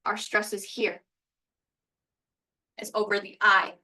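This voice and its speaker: A woman's voice: mid-range voice, monotone, slow pace, bright, forceful tone, recorded from a distance, poor audio. A woman teaching a recorded language lesson, explaining pronunciation step by step. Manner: explanatory, walks through examples step by step.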